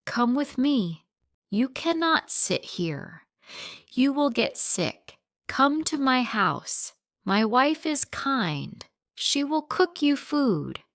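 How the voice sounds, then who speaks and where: Kind male officer, voiced by a woman: soft, slow and reassuring, in a smooth, dry-sounding read. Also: sits high, very animated, no echo, pitched above the performer's own voice, heavily acted. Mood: caring. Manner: gentle, comforting, simple sentences. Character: kind middle-aged male police officer.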